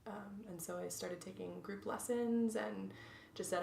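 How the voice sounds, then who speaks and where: A woman in her twenties from North Carolina, USA, talks reflectively as a guest in a casual interview chat, with many fillers and restarts. Her voice is mid-range and gravelly, flat in delivery and normal in speed. She was recorded from a distance in an echoey room with faint noise.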